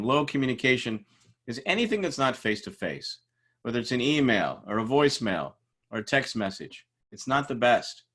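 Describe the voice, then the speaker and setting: A middle-aged man teaching a class in a casual lecture style, telling workplace stories and acting out the people in them. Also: medium pitch. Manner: animated storytelling, acts out quoted people. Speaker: instructor. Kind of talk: informal lecture with anecdotes.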